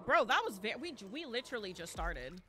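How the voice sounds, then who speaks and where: A woman streamer giving chatty, excitable live commentary as she plays, now and then breaking into loud shouts. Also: medium pitch, fairly quick, background noise.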